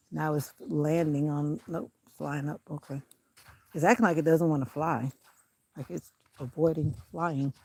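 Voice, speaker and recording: A woman's voice: low-pitched, creaky, dark tone. A woman vlogging casually while walking her dog outdoors on a country road, chatting and giving the dog firm commands. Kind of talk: casual walking vlog commentary.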